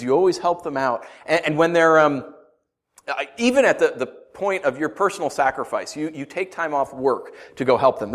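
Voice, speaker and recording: A man in his thirties, a pastor preaching a sermon, swinging from loud outbursts to quiet asides. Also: medium pitch.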